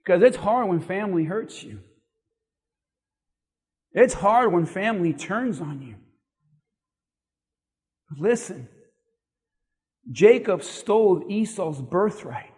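Male pastor, high voice, emphatic and repetitive sermon delivery, recorded in a reverberant hall. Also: takes it slowly, long pauses, breathy edge. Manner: animated, emphatic preaching with repetition.

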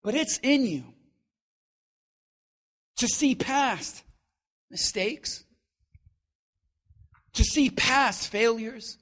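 A man preaching a sermon as pastor, swinging from loud emphatic lines to quiet stretches and joking with his congregation. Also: extremely high pitch, extremely slow, pauses often. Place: church.

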